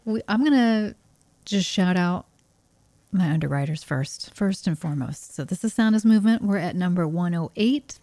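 Laid-back lady radio dj, bit of texas in her voice, playful, warm low tone. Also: no room sound. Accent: light Texas. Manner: chatty, laughing, loose and playful. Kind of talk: casual community radio hosting.

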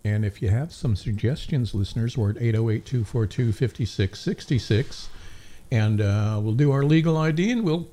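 Mellow-voiced friendly male radio host. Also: medium pitch, moderate pace, a little hiss or hum. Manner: friendly, chatty, enthusiastic about music. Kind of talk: casual radio chat. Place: community radio studio. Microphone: studio microphone.

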